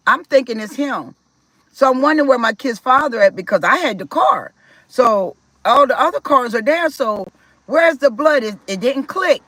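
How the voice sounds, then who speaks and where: A high-voiced woman from South Carolina, US, recounts a personal story as testimony at a moderate pace, animatedly acting out others' voices and laughing. There's no room sound, though the recording is rough.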